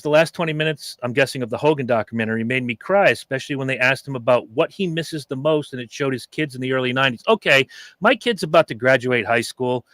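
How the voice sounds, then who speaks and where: A middle-aged podcast host chats casually and tells stories, swearing freely and acting out quotes. His medium-pitched voice is a bit bright, with no room sound.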